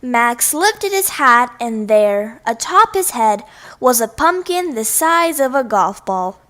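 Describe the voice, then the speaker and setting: Woman voicing kindly schoolteacher, calm, gentle, animated storybook reading. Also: fairly high pitch, slow, heavily acted.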